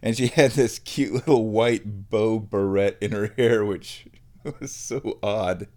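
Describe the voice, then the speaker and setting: A man's voice: fairly low pitch, steady tone, slow, darkish tone. A man vlogging at home, telling a meandering everyday story in a casual, chatty way while walking between rooms. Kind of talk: rambling casual vlog chat.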